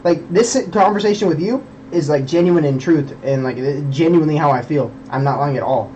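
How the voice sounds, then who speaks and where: A man's voice: fairly high pitch, a little fast, a little mellow, muffled recording, a little hiss or hum. A young man streaming, rambling in casual chat, swearing a lot and preaching about belief.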